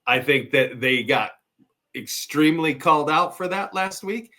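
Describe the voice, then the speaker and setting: A man's voice: on the high side, expressive, unhurried, sharp tone. A man appearing as a guest on a sports podcast, giving confident football picks in casual chat. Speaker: guest picker.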